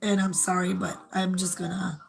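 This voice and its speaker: A woman hosting a casual livestream, hoarse from losing her voice, rambling with many fillers. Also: lowish voice, little pitch movement, moderate pace, soft background music, low-quality recording. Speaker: host.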